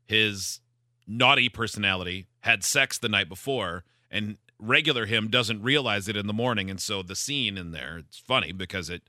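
A man's voice: fairly low pitch, moderate pace, sharp tone, dry recording, studio quality. A man hosting a radio talk show, joking and reading listener texts in casual chat. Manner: jokey, leads the discussion and reads listener texts.

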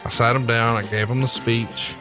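A man's voice: medium pitch, little pitch movement, normal speed, over music. A man co-hosting a podcast, trading jokes in casual chat and reading an ad in a brash, wisecracking way. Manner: brash, joking ad read. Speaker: podcast co-host.

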